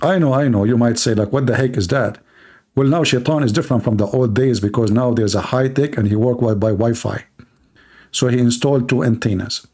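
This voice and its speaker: Male livestream host, gravelly, mid-pitched, sarcastic and mocking, broken English. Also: a little fast, a little mellow. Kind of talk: satirical monologue. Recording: livestream talk to viewers.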